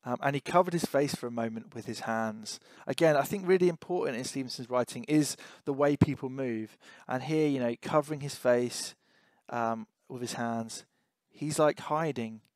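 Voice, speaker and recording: A man's voice: mid-range voice, normal speed, a little mellow, no echo. A man reads passages of a novel and breaks off to annotate them for students. His commentary is loose and thinking-aloud, full of fillers and rhetorical questions. The recording is close and dry, with no room sound. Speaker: English teacher.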